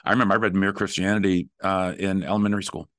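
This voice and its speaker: Middle-aged male podcast host, very low pitch, loose chatty delivery, dry close sound. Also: fast talker, dry recording. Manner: relaxed, with frequent fillers and restarts. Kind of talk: conversational podcast talk.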